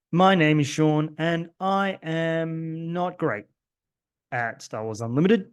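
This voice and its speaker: A man's voice: on the high side, clean tone, no echo, studio quality. A man with an Australian accent talks through his own card game in a rambling, self-deprecating way, full of fillers and restarts. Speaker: host. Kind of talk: casual gameplay commentary.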